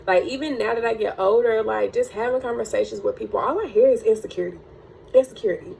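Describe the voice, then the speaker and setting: A young woman who runs a crystal healing channel speaks fast in a fairly high, creaky, slightly mellow voice, with a little hiss or hum. In an emotional personal vlog about getting through hard times, she's blunt, profane and preachy, and tearful at times.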